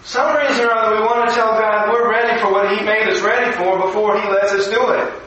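A man's voice: high voice, steady tone, brisk, pushed and bright, lo-fi sound. A man giving a recorded devotional sermon in a conversational, storytelling way, acting out the voices he quotes. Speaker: preacher. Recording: echoey room from far off.

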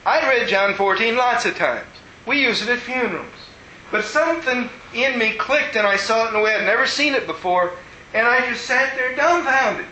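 A man preaching a sermon as pastor, telling stories in an animated way and acting out the people he quotes. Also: very high voice, a little fast, a little hiss or hum. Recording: roomy echo.

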